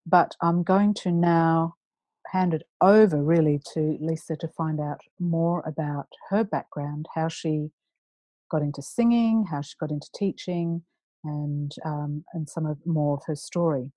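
Host, woman, lowish voice, dry close sound, chatty and upbeat. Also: unhurried, mellow, no room sound. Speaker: podcast host. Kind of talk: casual podcast interview.

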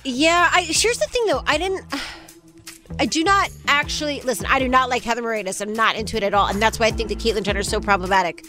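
A woman's voice: on the high side, quick pace, music in the background. A woman co-hosting a radio show in casual, emphatic banter, with a nasal voice and a congested nose from allergies. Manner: emphatic, chatty.

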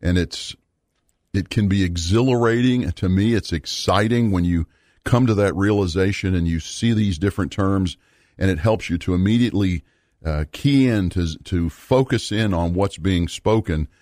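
A man teaching a Bible study series in an earnest, measured way, pausing with fillers and repeating words for emphasis. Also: low voice, darkish tone, dry recording, clean studio sound.

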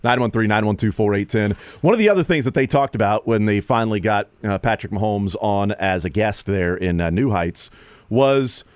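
A man with a fairly low voice hosts sports talk radio, rambling through his points in a loose, animated way. The sound is dry and close, with no room around it. Now and then he jumps up in pitch to mimic a player. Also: normal speed, smooth, dry recording.

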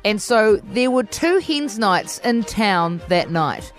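Lively New woman telling a story. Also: slow, soft background music. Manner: lively, acts out her own quotes in a higher voice. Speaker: podcast host. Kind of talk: animated storytelling chat.

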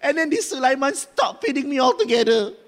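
A woman's voice: high-pitched, very animated, a little fast. A woman voicing a whiny undead infant spirit boy with a Malaysian English accent, petulant and self-pitying. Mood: complaining. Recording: long reverb with music behind.

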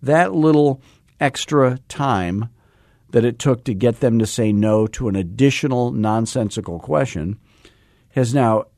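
A man hosting a casual podcast as a sales coach, talking fast and mixing in self-deprecating jokes while he teaches. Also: medium pitch, a little mellow, no echo, clean studio sound. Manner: fast-talking, admits talking too fast. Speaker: real estate sales coach and host.

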